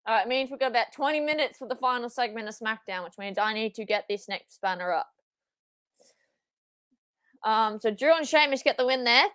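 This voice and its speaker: A young Australian woman streaming a live wrestling watchalong, excitable, swearing and shouting at big moves. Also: a little high, fairly quick, clear, resonant tone, no room sound. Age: young adult.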